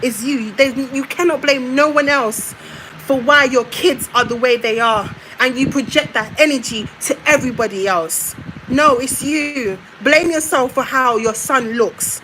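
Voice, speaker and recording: A woman launches a heated, repetitive rant aimed straight at her mother. Her voice sits high, and a faint hiss of background noise runs under her words. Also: measured pace, a bit bright, low-quality recording. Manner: confrontational, repetitive, addresses her mother directly. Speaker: vlogger. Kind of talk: emotional rant to viewers.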